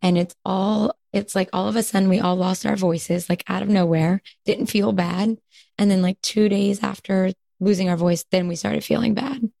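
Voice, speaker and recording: A woman co-hosting a podcast in casual chat, her voice hoarse, raspy and squeaky from a cold, chatty and quick to laugh. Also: fairly even intonation, mellow, dry recording. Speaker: podcast co-host.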